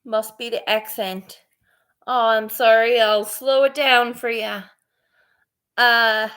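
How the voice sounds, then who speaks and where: A woman's voice: on the high side, steady tone, takes it slowly, pauses often, fairly bright tone, clean tone. A woman chatting casually with viewers on her live stream, laid-back and chatty. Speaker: live stream host and artist.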